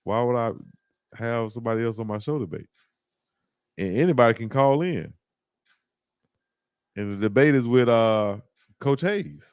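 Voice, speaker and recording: A man hosting a live stream, tossing out slang and cracking up at his own stories. His voice sits at an ordinary mid pitch. It is recorded close and dry, with no room sound around it. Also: moderate pace, long pauses, smooth, no echo. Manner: animated, laughing, slangy banter. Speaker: live-stream show host. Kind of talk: casual live-stream chat.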